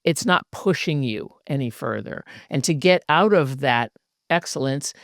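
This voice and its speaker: A woman's voice: very deep voice, expressive, measured pace, dry recording, studio quality. Middle-aged woman hosting a podcast. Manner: reflective, affirming, sums up the guest. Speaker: podcast host. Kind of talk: casual podcast chat.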